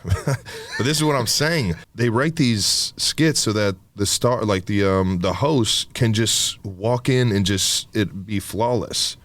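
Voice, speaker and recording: A man's voice: fairly low pitch, slow pace, fairly bright tone, dry recording. A young man co-hosting a podcast, talking in a loose, rambling way, swearing and laughing often. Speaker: podcast co-host. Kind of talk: casual chat.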